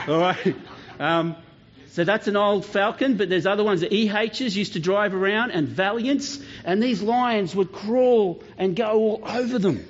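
A man's voice: high voice, unhurried. A man giving a playful, joking children's talk in church, quizzing the kids as he goes. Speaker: children's pastor. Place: church hall. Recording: dull lo-fi church sound.

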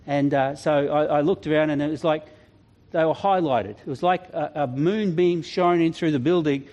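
A man preaching a sermon, telling stories with animated, self-deprecating humor and acting out voices. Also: a little high, normal speed, highs cut off. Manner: animated, acts out quoted voices. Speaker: pastor. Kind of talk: sermon storytelling.

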